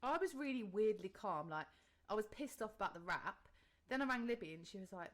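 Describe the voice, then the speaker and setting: A woman's voice: medium pitch, expressive, brisk. Chatty woman telling a story. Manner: storytelling, acts out her own reactions, swears casually. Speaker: podcast co-host. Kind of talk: casual chat.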